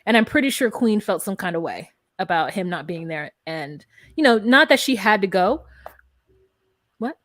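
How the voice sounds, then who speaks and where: A woman's voice: medium pitch, normal speed, dry recording, studio quality. A woman co-hosting a podcast, giving blunt, profane opinions and acting out what others said in a casual recap chat. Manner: blunt, profane, animated retelling. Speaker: podcast co-host.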